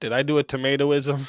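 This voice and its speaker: A man's voice: medium pitch, fairly bright tone, smooth, dry recording. A man streaming live, reacting to chat in a crude, combative, mocking way. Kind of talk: livestream commentary.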